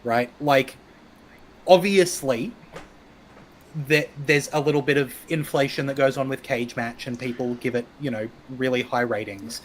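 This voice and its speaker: A man's voice: medium pitch, unhurried, a little hiss or hum. An Australian man co-hosting a wrestling podcast, steering the talk and reading out comments from the chat. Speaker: podcast co-host.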